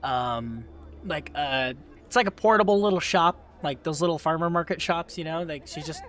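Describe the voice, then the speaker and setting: A man's voice: on the high side, moderate pace, fairly bright tone. A man narrating as game master in a casual, rambling way full of fillers.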